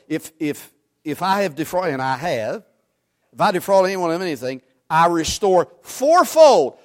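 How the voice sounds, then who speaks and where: A man preaching a sermon, animated, swinging from loud emphasis to hushed asides and quizzing the congregation. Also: fairly high pitch. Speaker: pastor.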